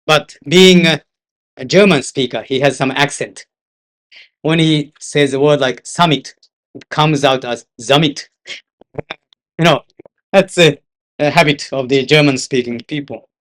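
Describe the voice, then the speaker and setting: Here the older interpreter's voice sits a little high and sounds a bit bright, moving at a normal speed. With his Japanese accent, he fills the seminar lecture with anecdotes and sometimes slips into Japanese.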